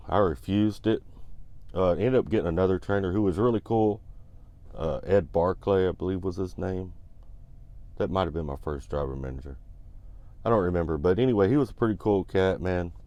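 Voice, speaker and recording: A man's voice: sits low, a little mellow, no room sound. A man telling a trucking story in a blunt, laid-back way, full of "you know". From United States. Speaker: trucking vlogger. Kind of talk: casual storytelling.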